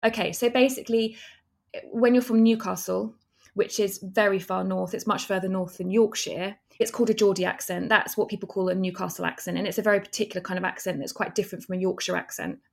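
A woman's voice: medium pitch, steady tone, fast talker, vocal fry. A woman, a documentary filmmaker, answering interview questions in an earnest, explanatory way.

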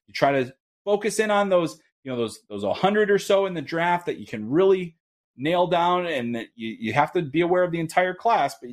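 A man hosting a solo hockey podcast, talking loosely in a medium-pitched voice. He speaks like a conversation, full of ums and restarts, as he promotes rankings and answers listener questions. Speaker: podcast host, hockey prospect analyst. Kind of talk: casual solo podcast talk.

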